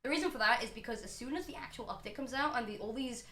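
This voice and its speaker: A woman's voice: a little high, quick pace, fairly bright tone, reverberant. A woman guest on a casual podcast, chatting with a lot of energy, swearing and laughing often.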